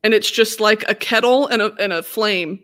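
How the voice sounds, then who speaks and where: A woman's voice: medium pitch, normal speed, fairly bright tone. A young woman from Texas hosting a podcast, chatty and upbeat, asking curious questions. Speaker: podcast host. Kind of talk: casual interview chat.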